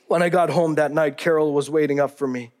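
A man reads his own story aloud in the first person, earnest and heartfelt. His voice sits a little high for a man. He tells it steadily, as a memoir reading. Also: steady tone, brisk, darkish tone. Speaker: narrator.

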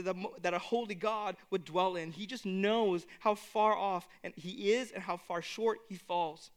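High-voiced earnest male preacher. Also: clear, resonant tone. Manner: earnest preaching, swings between hushed and emphatic. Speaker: pastor. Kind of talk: sermon.

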